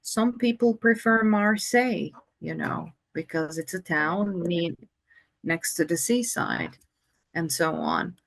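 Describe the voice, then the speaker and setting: A woman teaching an English conversation lesson, speaking slowly and patiently with many fillers. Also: on the low side, sing-song, creaky.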